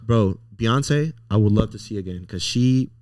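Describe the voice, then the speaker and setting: A young man hosting a casual podcast, telling excited stories full of slang and "bro". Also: fairly low pitch, unhurried. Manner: excitable storyteller, slangy, says bro a lot. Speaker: podcast host.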